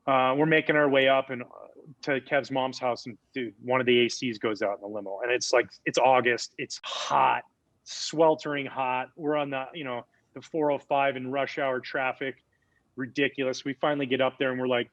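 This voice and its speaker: A man in his forties, a former ball player guesting on a podcast, telling a story in a lively, casual way with many fillers. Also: medium pitch, moderate pace, no room sound, muffled recording.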